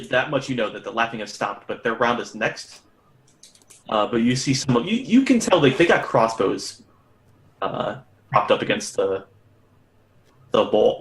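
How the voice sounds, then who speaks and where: A man's voice: medium pitch, expressive, moderate pace, pauses often, a bit bright. A man narrating as game master of a tabletop game in a casual, profane, laughing way. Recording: echoey room.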